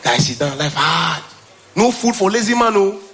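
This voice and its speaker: A man with a Nigerian accent performing a stand-up comedy special on stage, animated, slipping between Pidgin and English and laughing often. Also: sits high, normal speed. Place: stage before live audience.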